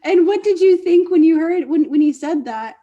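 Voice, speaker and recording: A woman hosts an interview, asking curious questions and laughing along. Her voice is high but mellow. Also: lively intonation, moderate pace, dull audio. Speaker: interviewer, channel host.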